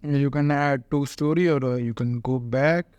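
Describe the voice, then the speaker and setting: A man hosting a casual software walkthrough, chatty and explaining step by step with many "uh" fillers. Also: medium pitch, steady tone, normal speed, clean tone, dry recording, highs cut off. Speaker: tech tutorial host.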